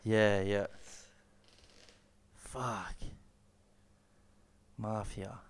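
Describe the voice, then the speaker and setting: A man's voice: lowish voice, fairly even intonation, very slow. A man co-hosting a casual podcast, easygoing and encouraging. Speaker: podcast co-host. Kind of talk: casual chat.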